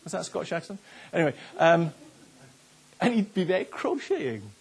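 Husky older pastor preaching. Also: male voice, sits high, sing-song, normal speed. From Wales. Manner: earnest and conversational, with frequent repeated words and fillers. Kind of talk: sermon.

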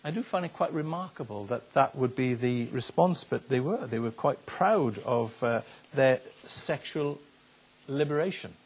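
An older man preaches in a husky, breathy voice at a mid pitch. He talks to the congregation warmly and plainly, stumbling over and repeating words as he builds his points. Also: expressive, a little slow. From Wales. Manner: earnest and conversational, with frequent repeated words and fillers. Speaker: pastor. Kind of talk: sermon.

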